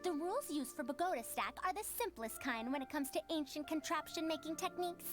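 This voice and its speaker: A precise scholar, high and lively. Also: female voice. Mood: explaining. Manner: measured, instructive. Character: learned female scholar, calm and precise. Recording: game audio with faint music.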